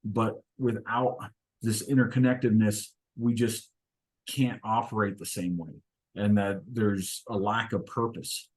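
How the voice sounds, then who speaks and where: This man's voice is lowish and a little mellow, with fairly even intonation and an unhurried delivery. Leading an inspirational talk, he tells stories in a reflective, hesitant manner full of fillers.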